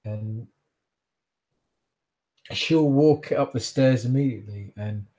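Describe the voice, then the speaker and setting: A man runs a tabletop game, describing the scene in a halting, word-searching narration. His voice is mellow and dark, with an average pitch. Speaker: game master.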